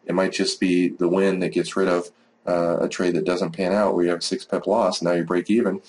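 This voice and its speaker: A man's voice: low voice, little pitch movement, a little fast, a little mellow. A man teaching a trading lesson over a screen recording, talking casually and practically with many fillers. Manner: casual, rambling, lots of "uh" and "you know". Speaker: forex trading educator.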